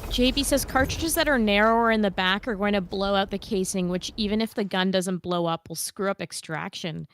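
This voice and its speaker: A woman's voice: medium pitch, brisk, slight background noise. A woman co-hosting a game stream, chatting casually with the player and reading viewer comments aloud. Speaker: co-host reading chat. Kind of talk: casual chat.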